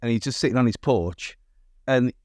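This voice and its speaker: A man's voice: mid-range voice, normal speed, darkish tone. A man from England with a mid-range voice, musing aloud on a podcast and often restarting his sentences. The sound is close and dry, with no room echo. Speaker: podcast co-host. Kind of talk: casual chat.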